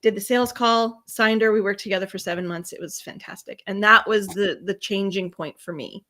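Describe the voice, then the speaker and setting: A woman guest in an interview, a business coach telling a candid, lively story and acting out what people said. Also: mid-range voice, brisk.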